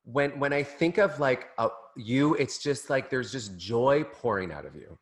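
A man hosting a casual chat, talking in an emotional, halting way with many restarts. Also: medium pitch, expressive. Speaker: podcast host.

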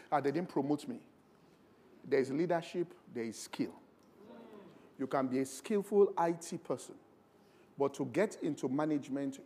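A man preaching a sermon, animated and laughing, rising to loud, emphatic bursts. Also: a little high, slight background noise.

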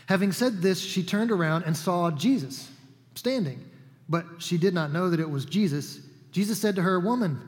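A man delivers a sermon in a relaxed, conversational storytelling manner, slipping in casual asides between scripture readings. His voice sits a little higher than usual for a man. A long hall reverb trails behind his words. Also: normal speed. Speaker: pastor.

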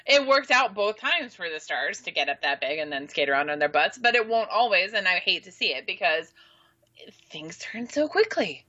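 Animated sarcastic woman, lo-fi. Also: medium pitch, normal speed. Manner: animated, sarcastic, swears freely. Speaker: podcast co-host. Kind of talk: casual sports chat. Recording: dull lo-fi sound.

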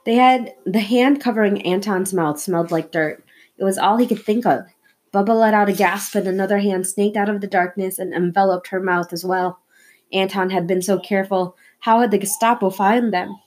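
A woman reading a novel aloud chapter by chapter, in steady, measured narration. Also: mid-range voice. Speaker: audiobook reader.

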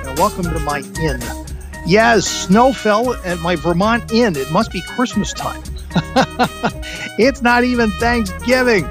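A man with a high, expressive voice hosts a radio talk show live on location from an inn's dining room. He chats slowly and enthusiastically, packing in plenty of fillers, with music playing behind him in this casual remote broadcast.

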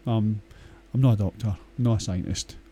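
A man's voice: on the low side, moderate pace, warm tone, slight background noise. A Scottish man talking in a casual, rambling monologue, blunt and crude, swearing often and hesitating with many fillers.

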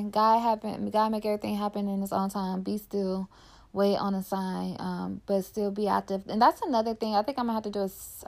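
In a slightly mellow, gravelly mid-range voice, a young woman talks on her podcast about personal matters. The tone is open and heartfelt, and "like" turns up again and again.

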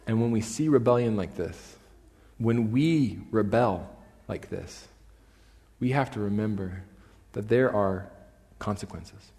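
A male pastor preaching a sermon in a church, telling stories with animated emphasis. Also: fairly low pitch, slow pace, long pauses. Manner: animated storytelling, rising to emphatic peaks. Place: church sanctuary. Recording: long reverb in a church hall.

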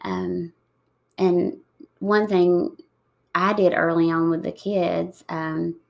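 Woman, 30s, low gravelly tone, soft reflective guest, unhurried with pauses. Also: little pitch movement. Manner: soft-spoken, reflective, with many pauses and fillers. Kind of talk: emotional interview conversation.

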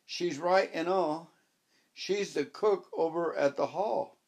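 Man reading as a jolly blunt farm guy, kinda high voice. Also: takes it slowly, darkish tone. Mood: jovial. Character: cheerful male farm worker, laughing.

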